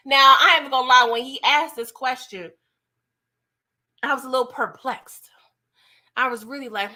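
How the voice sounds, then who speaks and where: Woman doing a tv recap stream, high bright voice, slangy aave, animated and teasing. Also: moderate pace. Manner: animated, slangy, laughs and mocks. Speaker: TV recap host. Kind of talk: casual live-stream recap chat.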